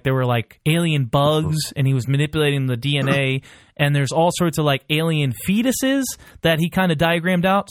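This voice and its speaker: Man recapping a movie, lively. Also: a little high, dry recording, studio quality. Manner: animated, recaps scenes with quoted voices. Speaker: podcast co-host. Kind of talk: casual film discussion.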